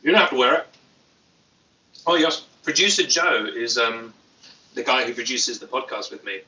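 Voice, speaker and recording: A man's voice: medium pitch, moderate pace, bright, forceful tone, roomy sound, far from the mic, lo-fi sound. A young British man hosting a casual livestream, reading chat aloud with dry, self-mocking humor. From Britain. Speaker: YouTube host. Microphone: phone.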